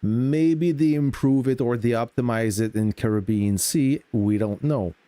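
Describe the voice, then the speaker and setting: A man hosting a game live stream, greeting chat viewers and explaining game mechanics in relaxed casual talk. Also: mid-range voice, unhurried, dry recording.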